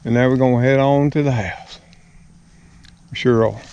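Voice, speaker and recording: An older man from the US Deep South with an Alabama accent, vlogging in a slow, folksy, homespun manner as he walks outdoors through the woods. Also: steady tone, darkish tone, muffled recording, slight background noise. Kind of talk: casual walking vlog. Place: outdoors in woods and on a front porch.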